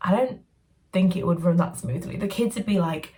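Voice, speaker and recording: A woman chatting casually in a book review vlog, sardonic and quick to mock the books she discusses. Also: on the low side, dark tone, far from the mic.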